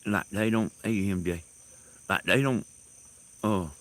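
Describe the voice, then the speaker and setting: Rambling man, low voice. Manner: rambling, halting, laughs loudly at own stories. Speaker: host. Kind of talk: casual storytelling monologue. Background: crickets and insects.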